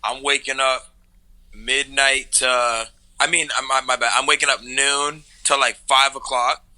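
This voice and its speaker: A man's voice: mid-range voice, flat delivery, measured pace, bright, forceful tone, poor audio. A man from Canada talking as a guest in a laid-back, slangy casual chat. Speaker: music producer guest.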